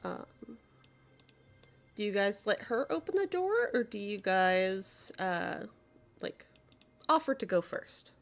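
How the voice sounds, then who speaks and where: A woman narrating a tabletop game as game master, relaxed and hesitant with many fillers. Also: medium pitch, slow pace, long pauses.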